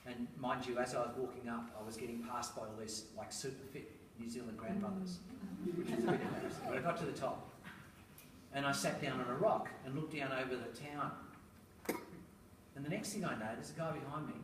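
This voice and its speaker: A middle-aged man gives a talk on raising children, spinning anecdotes and tossing in rhetorical asides with a chuckle. He is picked up from some distance in an echoey room, and steady noise sits under his voice. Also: medium pitch, brisk. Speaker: speaker on parenting, school educator. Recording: roomy, distant, noisy room recording.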